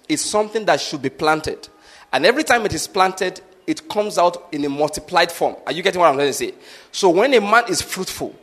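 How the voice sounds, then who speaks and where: A man's voice: high voice, fairly bright tone. A man preaching a sermon, teaching with practical examples and often asking the congregation whether they follow his point. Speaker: pastor.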